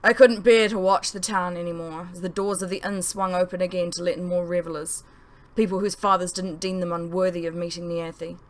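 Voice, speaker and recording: A woman author narrating her novel in the first person, expressive and story-driven. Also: lowish voice, a little fast. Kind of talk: audiobook narration.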